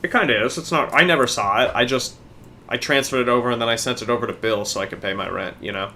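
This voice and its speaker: A man's voice: medium pitch, quick pace, bright, forceful tone, a little hiss or hum. A man co-hosting a podcast, chatting casually and telling laid-back stories, swearing now and then. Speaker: podcast co-host. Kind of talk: casual chat.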